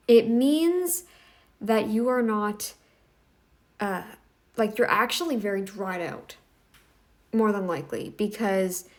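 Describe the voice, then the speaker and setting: A woman talks through her own reaction commentary, casual and unscripted. She sounds blunt and emphatic, scolding as she goes, at an ordinary middle pitch.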